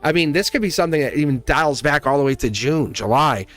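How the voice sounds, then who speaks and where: Man, live tarot stream, lively up-and-down pitch, casual chatty manner, faint music behind. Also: quick pace. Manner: casual, laughing often, chatty with viewers. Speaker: tarot reader.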